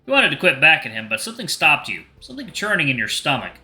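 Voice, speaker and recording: Young male game narrator, bright animated read over quiet background music. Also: fairly high pitch, fast talker. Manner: narrates in second person, lively delivery. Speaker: visual novel reader. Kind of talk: reading a visual novel aloud.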